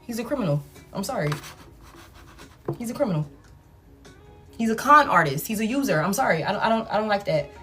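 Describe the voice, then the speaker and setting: A woman giving a live tarot reading, blunt and profane, hammering her points home with repeated flat refusals. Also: mid-range voice, brisk, long pauses. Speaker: tarot reader. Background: faint background music.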